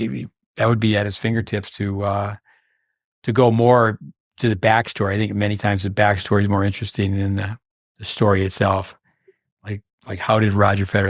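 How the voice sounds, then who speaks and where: A man hosting a podcast in loose, casual chat, with a lowish, fairly flat voice. He rambles, often restarting his sentences, and the sound is close and dry with no room echo. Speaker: podcast host.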